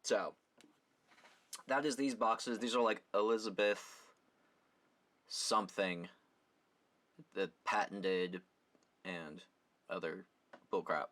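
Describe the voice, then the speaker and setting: A man's voice: fairly low pitch, fairly even intonation, takes it slowly, long pauses, fairly bright tone. A young man hosting a casual beading lesson, rambling and chatty with a self-deprecating streak. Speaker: beading tutorial host. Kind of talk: casual livestream craft lesson.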